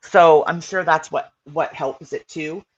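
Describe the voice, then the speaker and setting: A woman's voice: deep voice, steady tone, unhurried, dull audio. A woman hosting a casual livestream, chatting with viewers in a rambling way with lots of fillers. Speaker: livestream host.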